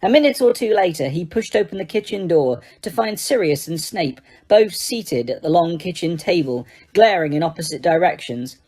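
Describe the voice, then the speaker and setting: Warm, low-voiced woman reading a story. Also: moderate pace, few pauses. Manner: steady, even storytelling with small slips. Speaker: audiobook reader. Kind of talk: audiobook narration.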